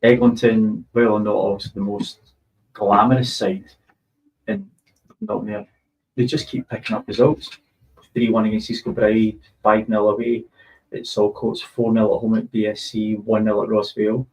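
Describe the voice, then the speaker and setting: A Scottish man with a slightly low voice, chatting as a football pundit. He thinks his predictions through aloud, weighing form and results before settling on a pick. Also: moderate pace, darkish tone, low-quality recording. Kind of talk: casual chat.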